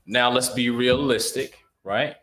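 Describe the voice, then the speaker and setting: A man's voice: medium pitch, fairly even intonation, unhurried, fairly bright tone. A man on a morning radio show, explaining budgeting in a casual, patient way and checking in with "right?" after each point. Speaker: guest speaking on personal budgeting. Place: radio studio.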